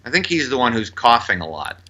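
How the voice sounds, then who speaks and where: A man co-hosting a casual film podcast. His tone is sharp and tense, and his pitch swings widely. He laughs easily and agrees readily. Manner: animated, laughing, quick to agree. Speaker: podcast co-host.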